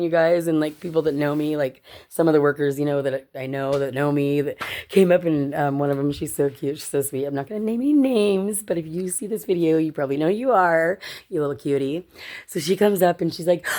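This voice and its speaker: Woman, low voice, casual vlog storytelling, chatty, swears, laughs a lot. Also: dark tone. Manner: chatty, swears, laughs often, addresses viewers as you guys. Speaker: vlogger.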